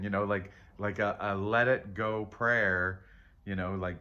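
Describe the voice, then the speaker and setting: A man hosting a casual tarot reading, rambling and reflective, often trailing off, questioning himself and laughing softly at himself. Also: deep voice, steady tone, unhurried, lo-fi sound. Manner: candid and self-deprecating, with soft laughs. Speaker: tarot reader and channel host. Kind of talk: casual spiritual chat while reading tarot.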